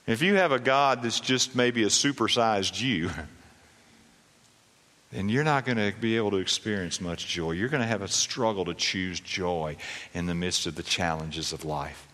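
Pastor, male, conversational sermon delivery, sharp bright tone, church hall echo. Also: animated, measured pace. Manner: conversational preaching, rhetorical questions, soft low drops at line ends. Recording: long hall reverb.

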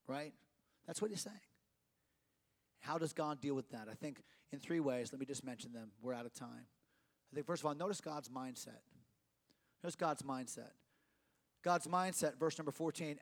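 A middle-aged man preaching a sermon, emphatic, swinging from loud to quiet and repeating phrases for effect. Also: a little high, lively intonation, normal speed, long reverb tail.

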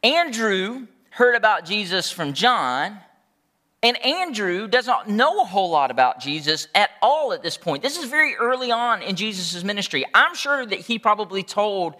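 A man's voice: high voice, very animated, moderate pace, sharp tone. A man preaching a sermon as pastor, in a conversational and joking way.

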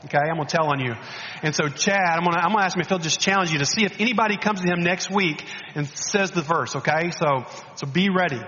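A man preaching a sermon as a guest speaker, animated and coaxing, often restarting and repeating words. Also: a little high, fast, big-room sound, lo-fi sound, a little hiss or hum.

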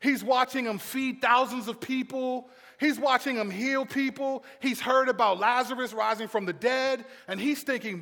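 A man preaching a sermon to a congregation, moving between hushed passages and shouted storytelling. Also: extremely high pitch, moderate pace, vocal fry, few pauses, big-room sound. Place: large room with congregation.

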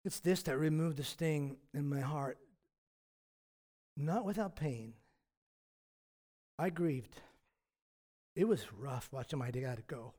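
A man's voice: on the high side, slow pace, long pauses, darkish tone. A male pastor preaching a sermon in a reflective, conversational way, often restarting his phrases.

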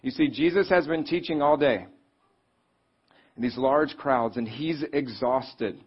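A man preaching a sermon in a conversational, animated way, reading scripture and acting out quotes. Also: medium pitch, unhurried, slightly rough. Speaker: pastor. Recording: slightly dull, lo-fi sound.

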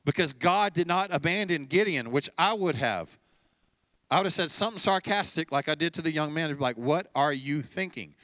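Bright-voiced pastor preaching conversationally. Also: male voice, a little high, animated, fairly quick, dry recording. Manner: conversational storytelling, acting out dialogue with light laughs. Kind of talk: sermon.

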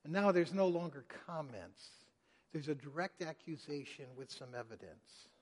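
A man's voice: a little high, expressive, normal speed. Man preaching in a reverberant hall. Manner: dramatic, acting out quotes with sharp swings in loudness. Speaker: pastor. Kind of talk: sermon.

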